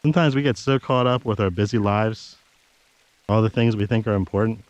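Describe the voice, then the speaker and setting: A man's voice: fairly low pitch, brisk, no echo, muffled recording. A man casually narrating while hiking outdoors on a snowy trail, chatting to the camera and giving his dog firm commands, recorded on an action camera. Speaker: hiking vlogger.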